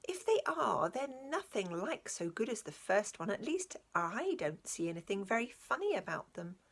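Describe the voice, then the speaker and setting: A woman's voice: medium pitch, big pitch swings, normal speed, fairly bright tone, husky, heavily acted. A woman doing a bored, drawling panther. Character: languid, unimpressed panther.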